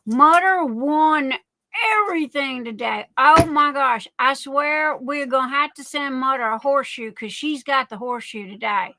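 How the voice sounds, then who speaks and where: A woman's voice: high-pitched, normal speed, hardly any pauses, background noise. A woman hosting a casual livestream, chatting and greeting viewers by name, often calling them darling. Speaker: livestream host.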